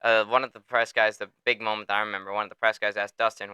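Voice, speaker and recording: A man hosting a casual sports podcast, telling stories in an animated way, swearing freely and laughing often. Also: fairly low pitch, quick pace, hardly any pauses, clear, resonant tone, dry recording. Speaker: podcast host.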